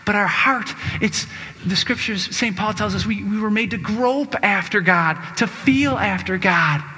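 A high-voiced man preaching with a very bright, forceful tone, exuberant and exclamatory as he leads call-and-response. His sermon rings with the long reverb of a large hall. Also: unhurried. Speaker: Catholic preacher.

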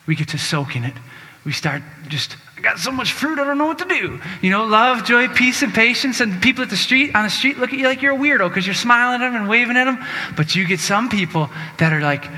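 A high-voiced man preaching with a very bright, forceful tone, exuberant and exclamatory as he leads call-and-response. His sermon rings with the long reverb of a large hall. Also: expressive, brisk. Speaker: Catholic preacher.

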